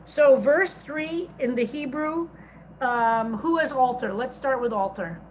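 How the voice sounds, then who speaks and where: A woman's voice: high-pitched, a little slow, a little hiss or hum, low-quality recording. A woman rabbi teaching a psalm study class over a video call, patiently explaining Hebrew grammar and reading translations aloud.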